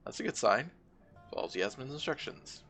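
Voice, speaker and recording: A man's voice: mid-range voice, very animated, moderate pace, gravelly, fairly bright tone, faint music behind. A man streaming a video game, reading its narration aloud and wryly commenting on it. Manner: wry, reads vivid game narration and reacts casually.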